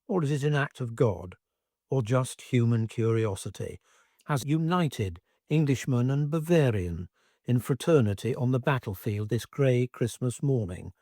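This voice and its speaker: Expressive male reader with a mellow voice. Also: medium pitch, dry recording, clean studio sound. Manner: expressive, measured reading. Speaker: narrator reading a war memoir. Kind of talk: scripted narration.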